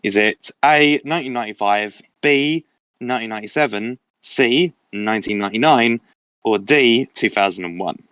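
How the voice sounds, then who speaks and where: A man's voice: medium pitch, normal speed, fairly bright tone, clear, resonant tone, no echo. Young man hosting a casual quiz. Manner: reads questions and options aloud, laughs often. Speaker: quiz host.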